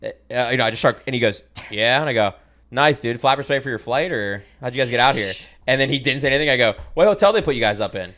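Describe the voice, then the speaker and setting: A young man talks quickly as he hosts a loose comedy podcast. His stories come out animated and crude, full of asides and swearing. His pitch sits in the middle range for a man. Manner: animated storytelling, swears a lot. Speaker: podcast host. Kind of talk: casual comedy podcast chat.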